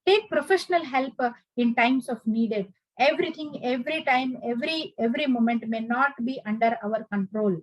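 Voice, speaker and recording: A woman's voice: fairly high pitch, normal speed, no room sound, dull audio. A woman giving an earnest advice lecture, full of fillers and restarts. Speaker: instructor.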